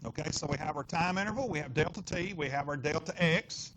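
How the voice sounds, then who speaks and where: Middle-aged male physics teacher, lively and questioning, slightly high voice. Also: fast talker, slight background noise. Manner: animated, lots of rhetorical questions and inflection. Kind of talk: classroom lecture working problems. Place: classroom.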